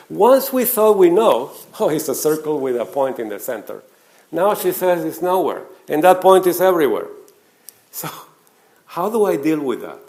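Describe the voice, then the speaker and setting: Giving a conference lecture, this man speaks with a non-native English accent in a voice on the high side, at a moderate pace. He's animated and emphatic, repeatedly questioning the audience and swinging between loud stresses and soft asides.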